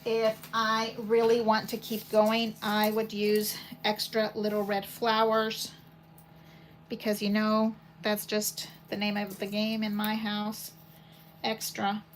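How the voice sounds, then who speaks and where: Woman, craft host, casual, thinks aloud, fairly level pitch, noisy home recording. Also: takes it slowly. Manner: chatty, rambling, thinks aloud while working. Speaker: paper crafting channel host. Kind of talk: casual craft demo chat. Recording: home recording with steady background noise.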